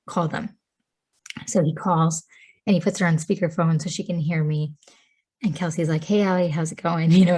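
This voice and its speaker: A chatty woman from Tennessee in her thirties, telling her story as a podcast guest. Her voice sits a little low, and she laughs often and says "like" a lot. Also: a little mellow, slightly rough. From Tennessee, USA. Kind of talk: casual storytelling.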